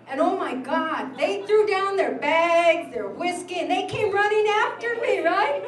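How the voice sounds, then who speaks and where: A woman's voice: very high-pitched, expressive, moderate pace, few pauses. A middle-aged woman doing a brash, profane stand-up set in a bar, acting out the people in her stories. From New Mexico, USA. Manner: brash, profane storytelling with acted-out voices. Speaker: stand-up comic. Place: bar stage with a live audience. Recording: roomy club sound from far off, crowd noise.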